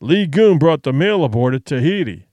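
Man doing a drunken sea captain, hoarse, snarling, resentful, loud, animated. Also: on the high side, normal speed, no echo, highs cut off, close to an everyday voice. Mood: bitter, accusing. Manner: snarling, accusing. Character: hostile drunken male ship captain, resentful.

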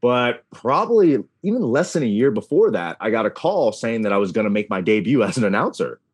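A man's voice: fairly low pitch, brisk, slightly rough. A man in his thirties, a wrestling announcer, telling stories as an interview guest, acting out the voices he quotes. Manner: animated, acts out quoted voices. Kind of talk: casual interview storytelling.

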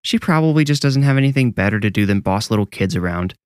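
A man's voice: on the low side, expressive, quick pace, no echo, clean studio sound, close to an everyday voice. A man voicing a bold, protective older sister with a blunt, brash way of talking. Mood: scornful.

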